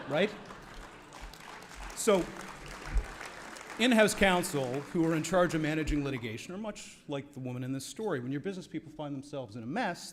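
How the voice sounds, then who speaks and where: A man's voice: fairly high pitch, expressive, fast, a little hiss or hum. A man presenting an award at an evening banquet, telling a wry parable with dry asides to the room. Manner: wry storytelling, playing to the room. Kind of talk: after-dinner speech with a joke. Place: banquet hall.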